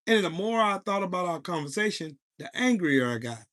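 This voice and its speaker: A man's voice: high-pitched, very animated, fairly quick, a bit bright. A man in his forties hosting a live podcast, telling a heated, profane story and talking to his chat. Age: 40s. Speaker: podcast host.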